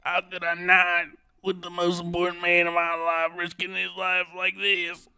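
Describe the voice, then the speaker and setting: A man voicing a gentle young noblewoman who worries over the prince, in a soft, raised falsetto. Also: completely flat delivery, normal speed, clear, resonant tone, dry recording, full character voice. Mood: worried.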